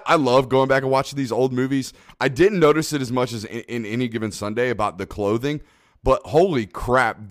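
A man co-hosting a podcast in casual chat, rambling and excitable, often laughing. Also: mid-range voice, dry recording, studio quality. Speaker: podcast co-host.

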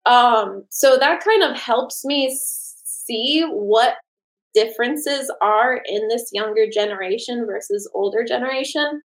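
Enthusiastic young woman, fairly high voice. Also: measured pace, poor audio. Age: late 20s. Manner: earnest, enthusiastic, many fillers and restarts; laughs often. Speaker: comic artist and teacher. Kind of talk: podcast interview.

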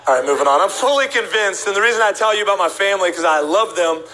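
A man preaching to a congregation in a bright, somewhat high voice, full of energy. He tells funny stories and slips into the voices of the people in them. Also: fast, a little hiss or hum, poor audio. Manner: animated, acts out voices of people in his stories. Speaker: guest preacher. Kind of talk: humorous sermon storytelling. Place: church sanctuary before a congregation.

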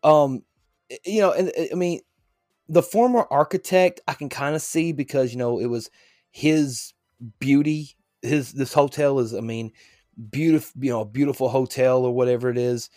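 A man's voice: medium pitch, moderate pace, warm tone, no echo, clean studio sound, soft background music. A man hosting a podcast, chatting casually and joking in a rambling way. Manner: rambling, joking, lots of fillers. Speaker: podcast host. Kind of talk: casual chat.

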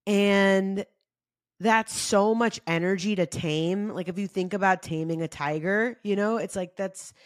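A woman's voice: mid-range voice, measured pace, dry recording, clean studio sound. A woman hosting her own podcast, talking casually and candidly, with lots of "like" and the odd swear word. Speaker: podcast host. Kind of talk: casual solo podcast talk.

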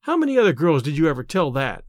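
A man's voice: a little high, wildly swooping pitch, quick pace, no room sound, studio quality. Man doing a slangy young shop girl. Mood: teasing. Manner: slangy, teasing, street-smart.

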